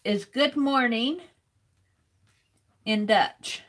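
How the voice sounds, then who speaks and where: High bright-voiced woman chatting slowly. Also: lively intonation. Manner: chatty, reads chat aloud, sounds out words letter by letter; laughs often while working. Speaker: artist streaming live. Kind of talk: casual livestream chat.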